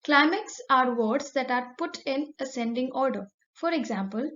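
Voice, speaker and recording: Female teacher explaining a lesson, bright high voice, muffled low-fi recording. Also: lively intonation, normal speed.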